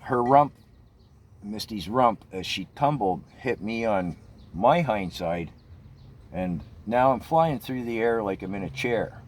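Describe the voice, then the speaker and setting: An older man retelling a frightening memory in a tense, halting way, stumbling and restarting as he speaks. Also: fairly low pitch, expressive. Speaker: storyteller. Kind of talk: personal storytelling.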